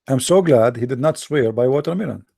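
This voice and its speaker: A man's voice: medium pitch, expressive, a little fast, vocal fry, mellow, husky, dry recording, clean studio sound. A man hosting a livestream who talks to his audience in a sarcastic, mocking way. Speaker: host.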